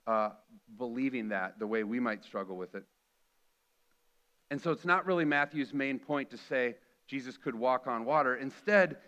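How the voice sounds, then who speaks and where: A man's voice: mid-range voice, fairly bright tone. A middle-aged man preaching a sermon earnestly, acting out the quoted lines with feeling. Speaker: pastor.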